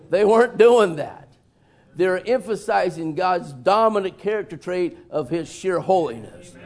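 Male pastor, high gravelly voice, folksy emphatic sermon delivery in a church. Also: normal speed. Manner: folksy, emphatic preaching with sudden loud bursts and chuckles. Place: church sanctuary.

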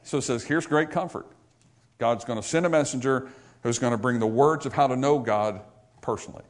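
A man preaching a sermon to a church congregation, swinging between loud, raised exhortation and quiet, low asides, and often asking the people questions. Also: a little fast. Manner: talks to the congregation with questions and calls. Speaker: pastor.

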